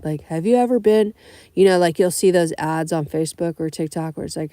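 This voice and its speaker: A woman's voice: on the low side, fairly quick, no room sound, clean studio sound. Blunt, foul-mouthed woman telling stories. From California. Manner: blunt, profane, animated storytelling. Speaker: rideshare driver. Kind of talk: casual livestream storytelling.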